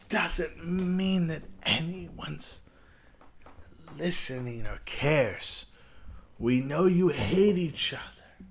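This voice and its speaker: Brief: male host, profane roast commentary, slow deliberate pace, higher voice. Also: lively intonation. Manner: crude, mocking, stammering restarts. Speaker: show host.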